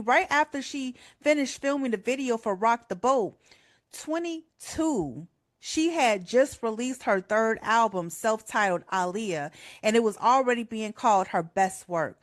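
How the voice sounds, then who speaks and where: A woman's voice: a little high, no echo, studio quality. Heartfelt woman hosting radio. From Chicago. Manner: heartfelt, chatty, says "y'all" a lot. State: voice cracking with emotion. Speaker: radio show host. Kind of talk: personal tribute monologue.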